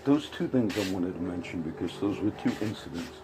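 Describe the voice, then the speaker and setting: A man's voice: sits low, expressive, fairly quick, background noise. A man giving a casual, rambling spoken commentary with frequent restarts and asides. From grew up around Puerto Rican and Cuban friends.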